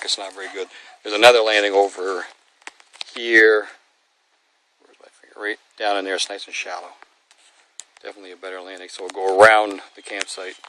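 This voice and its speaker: A man's voice: on the low side, a bit bright. A man narrating a casual outdoor vlog on a canoe trip, talking to the camera and to his dog. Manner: chatty, talks to his dog. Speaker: vlogger on a backcountry canoe trip. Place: outdoors on a lakeside campsite and portage trail. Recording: noisy outdoor recording. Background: dog barking.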